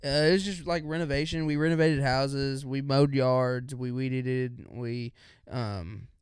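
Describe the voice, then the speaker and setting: A man's voice: medium pitch, fairly even intonation, a little slow, clean tone, dry recording, clean studio sound. Laid-back young man telling stories. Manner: laid-back, drawling storyteller, says "dude" a lot. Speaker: podcast co-host. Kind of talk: casual storytelling chat.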